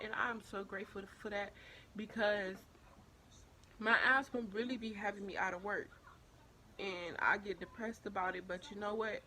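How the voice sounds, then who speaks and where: A woman's voice: mid-range voice, steady tone, moderate pace, pushed and bright, slight background noise. A young woman telling a heartfelt story to her channel in a casual vlog, emotional and full of thanks. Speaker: vlogger.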